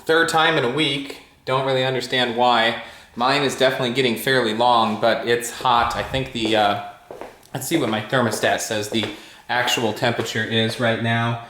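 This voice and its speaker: A man's voice: medium pitch, fairly even intonation, normal speed, sharp tone, roomy sound, slight background noise. A man chatting casually to camera about his day at home, rambling with plenty of uhs and ums. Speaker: tech YouTuber vlogging his day. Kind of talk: casual vlog talk to camera. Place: at home indoors.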